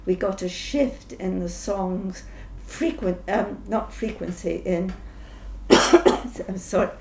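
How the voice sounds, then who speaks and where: Older woman, mellow voice in a roomy space. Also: mid-range voice, fairly even intonation, creaky. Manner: thoughtful, pauses with frequent ums and restarts. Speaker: scientist interviewee. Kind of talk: interview answers. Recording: roomy echo, faint background noise.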